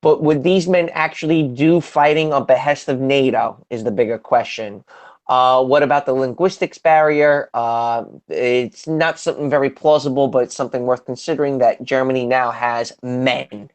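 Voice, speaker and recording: A man's voice: mid-range voice, steady tone, moderate pace. A man co-hosting a casual group chat, talking in a blunt, profane, mocking way. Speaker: podcast co-host.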